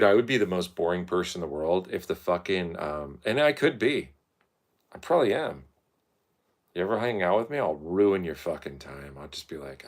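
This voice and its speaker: A man with a very low voice talks to the camera in a rambling, unscripted monologue. He swears freely and leans on fillers, and his pitch rises and falls with lively animation. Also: normal speed. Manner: loose, swearing, meandering, filler-heavy. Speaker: vlogger.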